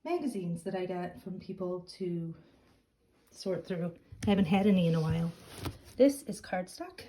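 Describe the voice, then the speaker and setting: Woman vlogger, middle-aged, mellow voice, chatty and a bit breathless, handheld camera in a home office with faint noise. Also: lowish voice, animated, moderate pace. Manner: chatty, self-deprecating asides. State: a little out of breath. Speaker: craft and journaling vlogger. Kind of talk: casual home office tour.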